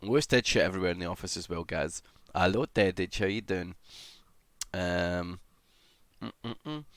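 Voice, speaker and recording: A man's voice: low voice, moderate pace, a bit bright, dry recording. Chatty man greeting stream viewers. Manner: chatty, swears casually, greets viewers one by one. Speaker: livestreamer. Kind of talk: casual livestream chat, greeting viewers.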